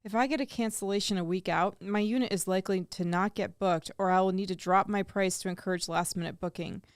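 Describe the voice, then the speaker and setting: A woman's voice: medium pitch, fairly even intonation, fairly quick, smooth, no room sound. A woman co-hosting a radio show, reading listener letters aloud in an upbeat, amused way into a studio microphone. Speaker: radio co-host.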